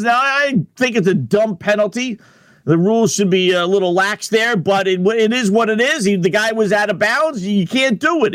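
A man's voice: high voice, expressive, moderate pace, a bit bright, no echo, clean studio sound. A man hosting a sports radio show, talking bluntly and emphatically, with lots of fillers and repeated words. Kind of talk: opinionated radio talk.

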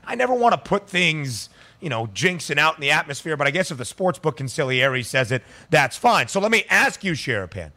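Male betting-show host, fairly high voice, emphatic and playful. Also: a little fast. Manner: energetic, emphatic, jokey. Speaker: sports betting radio host. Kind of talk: sports talk radio.

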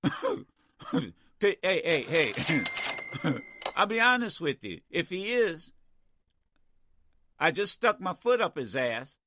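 A man's voice: high voice, very animated, slow pace, long pauses, bright, forceful tone. A man hosting a call-in talk radio show, talking in a combative, emphatic way and often repeating himself.

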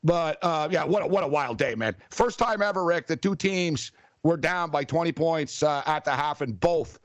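Excitable sports talk man, dry mic. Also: on the high side, normal speed, no echo. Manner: animated, excitable storyteller. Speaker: sports show co-host.

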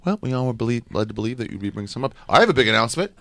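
A man's voice: mid-range voice, very fast. A man, a comedian guest, chatting casually on a podcast and acting out quotes as he tells stories. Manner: animated storyteller acting out quotes.

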